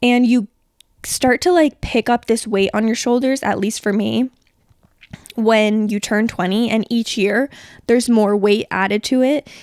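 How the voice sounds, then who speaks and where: A woman in her twenties hosting a casual solo podcast, chatty and rambling, her voice a little rough from being sick. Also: on the high side, steady tone, a little slow, darkish tone, no echo, clean studio sound. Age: 20s. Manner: chatty, rambling, filler-heavy. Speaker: podcast host. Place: bedroom.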